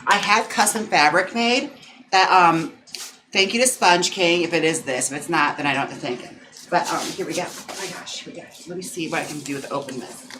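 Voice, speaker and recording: Against a noisy background, a drag performer and wig stylist from Wisconsin streams live from home in a casual chat. His voice runs high, and he's campy and theatrical, dropping sudden gasps and sassy remarks.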